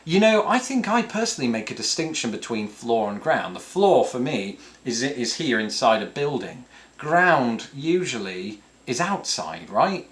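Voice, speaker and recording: A man's voice: medium pitch, sing-song, measured pace, fairly bright tone. A man in his thirties with a British accent, hosting a casual question-and-answer video and answering viewers with dry, self-mocking humour and puns. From England. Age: 30s. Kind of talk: casual chat to camera.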